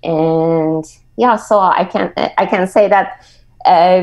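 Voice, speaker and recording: A woman from Iran, talking as an interview guest, eager and halting, with many fillers. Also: lowish voice, darkish tone. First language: Persian. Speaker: guest, motorcycle rider. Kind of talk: casual interview.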